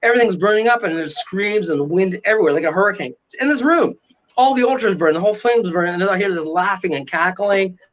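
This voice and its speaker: A man telling a dramatic story in an animated way during a casual interview, often asking "right?". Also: sits high, fast, dull audio, slight background noise. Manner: excitable, dramatic retelling with frequent "right?". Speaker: paranormal investigator guest.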